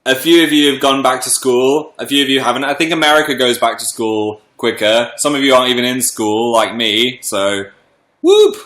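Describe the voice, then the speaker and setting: A man's voice: mid-range voice, fairly even intonation, brisk, hardly any pauses, a bit bright, echoey room. A young man casually chatting on a livestream, greeting viewers by name, a little congested from a cold. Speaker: livestream host.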